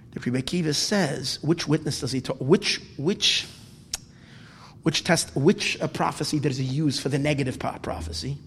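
A male religious teacher giving a sermon-style lecture, dramatic, swinging from loud exclamations to hushed whispers and repeating words. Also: fairly high pitch, breathy edge. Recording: long hall reverb.

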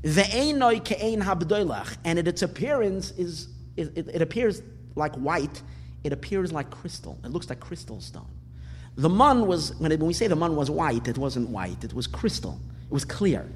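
A man teaches a Torah lesson with a lively voice that rises and falls widely. He repeats words for emphasis and asks rhetorical questions. The recording has a long hall reverb with faint background noise. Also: on the high side, moderate pace. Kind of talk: lecturing on weekly Torah portion.

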